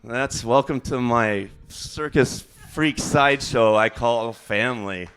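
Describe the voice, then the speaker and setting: Halting, rambling stand-up comic, a man. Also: medium pitch, a bit bright. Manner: rambling, halting, with fillers and self-corrections. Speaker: stand-up comedian. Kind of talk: stand-up comedy set.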